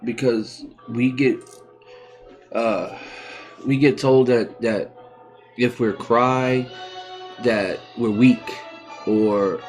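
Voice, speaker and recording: A man in his forties from the United States, hosting a live stream and speaking openly and emotionally about his own life, with many pauses and restarts. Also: mid-range voice, darkish tone. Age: 40s. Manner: halting and heartfelt, many restarts. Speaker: livestream host. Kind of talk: emotional personal talk.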